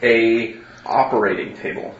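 A man narrating a tabletop game as game master, halting with many ums and restarts. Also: medium pitch, reverberant, muffled recording.

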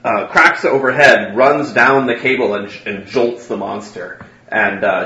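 A man narrating a tabletop game as game master, halting with many ums and restarts. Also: lowish voice, pushed and bright, roomy sound, lo-fi sound, a little hiss or hum.

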